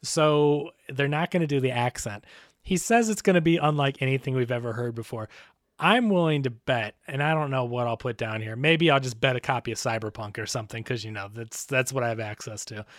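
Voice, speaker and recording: A man co-hosting a podcast, chatting casually, animated and quick to laugh as he rambles. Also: medium pitch, no echo, studio quality. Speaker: podcast co-host. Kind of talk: casual chat.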